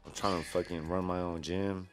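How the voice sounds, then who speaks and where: Deep-voiced laid-back man. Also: steady tone, normal speed. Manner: laid-back, heavy street slang. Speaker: guest fighter. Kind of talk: casual interview chat.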